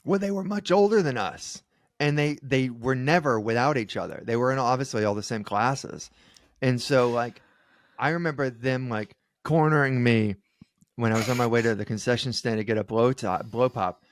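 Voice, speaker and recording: A man's voice: mid-range voice, moderate pace, no echo. A man co-hosting a comedy podcast, telling stories in casual chat, acting out quoted people and laughing often. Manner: storytelling, acts out quoted voices, laughs often. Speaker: podcast co-host.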